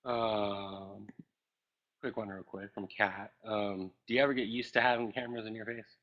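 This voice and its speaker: A man interviewing a guest casually, halting with frequent fillers. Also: lowish voice, level tone. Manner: halting, with frequent ums and uhs. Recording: dull lo-fi sound.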